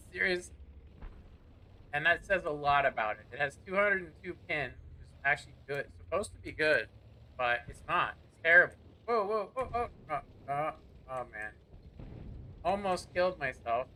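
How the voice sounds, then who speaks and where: A man's voice: a little high, lively intonation, moderate pace, long pauses, pushed and bright. A man giving rambling, self-deprecating commentary while playing a game. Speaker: gaming streamer. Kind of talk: casual gameplay commentary.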